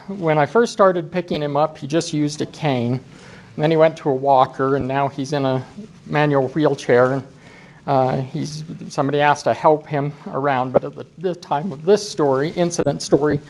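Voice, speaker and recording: A man giving a conference talk as a driver trainer, telling self-deprecating stories and acting out what people said. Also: a little high. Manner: animated, self-deprecating storyteller acting out quotes. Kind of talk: storytelling presentation. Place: conference session room.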